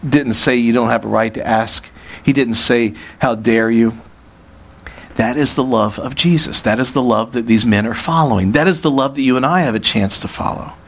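A man preaching a sermon through scripture verses, animated, quoting speech in a raised, forceful voice. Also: medium pitch, normal speed, vocal fry. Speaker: pastor.

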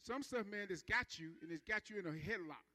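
A man preaching a sermon, stretching out key words and having the congregation repeat after him, then dropping to low asides. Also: expressive. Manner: emphatic, drawn-out stresses, calls on the congregation to repeat; swings between loud proclaiming and low soft asides.

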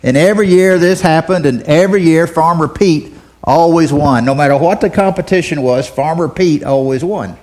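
A man's voice: a little high, normal speed, darkish tone. A man teaching a Bible lesson, telling a folksy story and often repeating words as he talks. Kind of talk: sermon.

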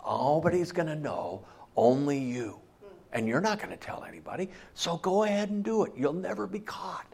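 A man's voice: medium pitch, lively intonation, a little slow, breathy edge, pitched below the performer's own voice. A man voicing the devil as a sly tempter, whispering coaxingly into someone's ear during a sermon.

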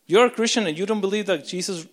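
A man preaching a sermon as pastor, impassioned, with frequent repeats and restarts, swinging between urgent loud lines and hushed ones. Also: high-pitched, fast. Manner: repeats words and restarts mid-phrase. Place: church sanctuary. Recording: long reverb of a large church.

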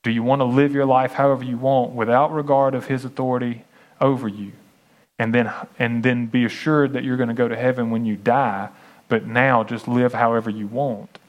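A man's voice: medium pitch, steady tone, normal speed. A man preaching a sermon, in an earnest, pleading way with many repeated phrases.

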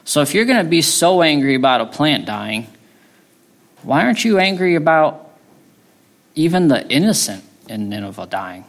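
A man's voice: on the high side, very animated, moderate pace, long pauses. A male pastor teaching a sermon in a conversational way, often checking in with his listeners. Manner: conversational teaching, frequent tag questions.

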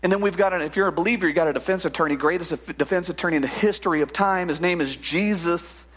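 A pastor delivers a sermon in a lively, conversational style, frequently restarting sentences and dropping in quick "right?" asides. His voice is noticeably high for a man.

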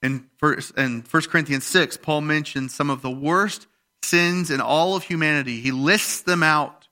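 A male pastor preaching a sermon, rising in emphasis on scripture readings and dropping quiet for personal stories. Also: fairly high pitch, unhurried.

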